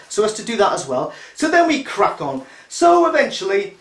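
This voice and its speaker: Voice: medium pitch, very animated, normal speed, hardly any pauses, reverberant. A speaker giving a casual, sarcastic and irreverent commentary monologue as a vlogger.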